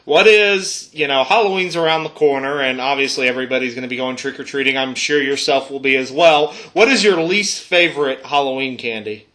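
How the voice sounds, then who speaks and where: Bright-voiced man hosting a sports interview. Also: medium pitch, fairly quick, hardly any pauses. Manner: upbeat, playful, scripted lead-ins.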